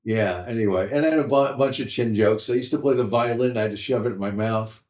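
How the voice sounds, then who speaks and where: Man telling animated comedy stories. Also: mid-range voice, quick pace. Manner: animated anecdotes, mimics voices in quotes. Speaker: stand-up comedian guest. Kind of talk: storytelling interview. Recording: roomy echo.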